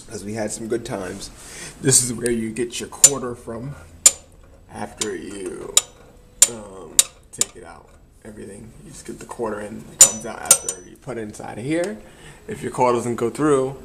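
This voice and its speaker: A man's voice: on the low side, vocal fry, heavy background noise. A young man, chatting casually to camera in a rambling, nostalgic way and laughing often. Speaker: vlogger.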